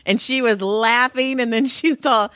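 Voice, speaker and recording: Woman in her 30s chatting on a podcast, kinda high voice, laughs a lot, dry close mic. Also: measured pace, no echo. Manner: laughs a lot while telling stories, animated. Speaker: podcast co-host. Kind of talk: casual chat.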